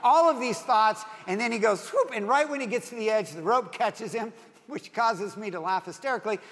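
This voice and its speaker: A high-voiced older man in his sixties is preaching from the pulpit, breaking off into a loose, chuckling personal story. His phrases restart and wander before he gets to the point. A long reverb trails behind every phrase. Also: lively intonation, brisk, fairly bright tone. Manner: rambling, self-interrupting storyteller who laughs at his own tale. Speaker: pastor. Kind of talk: sermon with storytelling.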